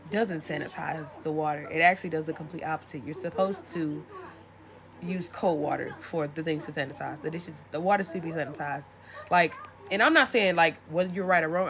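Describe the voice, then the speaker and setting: A young adult woman giving a casual, encouraging motivational talk to camera, addressing the listener warmly and conversationally. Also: fairly low pitch. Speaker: spiritual content creator.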